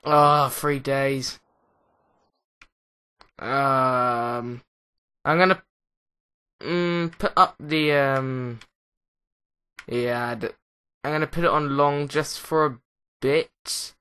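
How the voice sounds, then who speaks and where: Young english guy doing lets play commentary, bright voice, rambly and excitable. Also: mid-range voice, drawn-out words, long pauses, smooth. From England. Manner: rambling, excitable, self-mocking. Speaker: gaming commentator.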